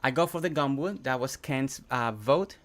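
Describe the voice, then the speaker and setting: A young Spanish-first-language streamer talks casually as he builds in a game, reading chat out and thinking aloud. His voice is mid-range with a moderate pace.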